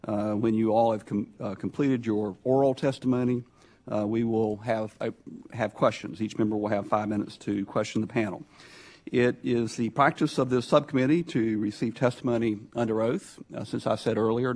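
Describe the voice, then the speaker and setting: A man chairing a congressional hearing, introducing witnesses in a loose, halting way. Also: fairly low pitch, creaky, a little mellow. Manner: halting, loose, with many hesitations. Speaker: subcommittee chairman.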